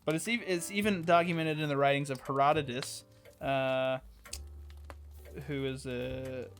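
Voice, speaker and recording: Man, co-host, casual brainstorming, halting, middle pitch, guitar music behind. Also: fairly even intonation, a bit bright. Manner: hesitant, halting, trailing off. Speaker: podcast co-host.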